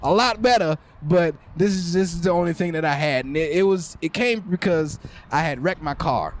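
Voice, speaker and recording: A man's voice: on the high side, moderate pace. A man hosting a podcast, talking casually, laughing often and trailing off into repeated words. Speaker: podcast host.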